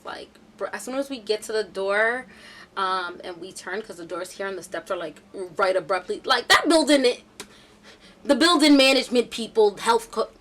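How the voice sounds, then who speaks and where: A young woman vlogger telling a casual storytime, chatty and animated with slangy asides. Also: a little high, slight background noise.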